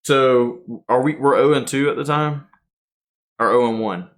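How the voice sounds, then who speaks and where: Speaking unhurriedly at a medium pitch, a male podcast host relays a tournament story in a casual tone. He's lively in the telling, acting out the quoted lines.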